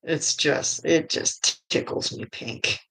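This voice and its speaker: An adult livestream host chatting casually with viewers, enthusiastic and quick to giggle. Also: fairly bright tone.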